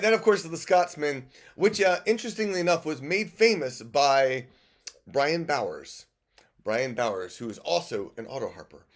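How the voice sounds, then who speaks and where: Middle-aged guy hosting a music stream, laughs a lot, drifts off mid-sentence, kinda casual. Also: medium pitch. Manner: chatty, laughs often, loses his train of thought. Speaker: musician hosting a live show. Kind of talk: casual live-stream chat.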